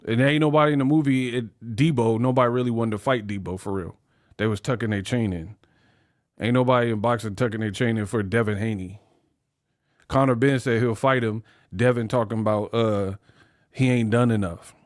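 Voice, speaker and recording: A young man hosting a live boxing stream, talking in animated slang. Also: mid-range voice, brisk, dry recording. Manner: animated, slangy, laughs at his own jokes. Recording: dry close mic.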